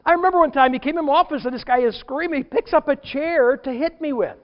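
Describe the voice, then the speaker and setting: Male pastor, high voice, lively storytelling sermon, muffled dull recording. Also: fast. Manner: animated storytelling preacher, acts out quotes.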